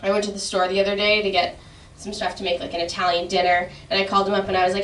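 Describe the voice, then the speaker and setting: A woman trying out a stand-up bit in a comedy class, with a soft, understated delivery. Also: medium pitch, flat delivery, racing, a little hiss or hum. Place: class room. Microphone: far room mic. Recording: roomy distant room recording.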